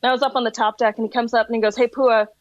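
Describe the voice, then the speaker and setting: A woman's voice: on the high side, racing, no echo, lo-fi sound. A woman working as a whale watching tour guide, guest on a casual podcast, telling stories with lots of laughter. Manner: animated storyteller, laughs often. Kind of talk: casual chat, storytelling.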